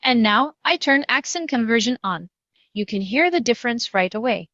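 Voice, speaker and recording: A woman call center agent whose voice is passed through AI accent conversion, giving a smooth, neutral delivery in a scripted demo. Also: fairly high pitch, lively intonation, normal speed, sharp tone, no echo. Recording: slightly dull lo-fi call audio.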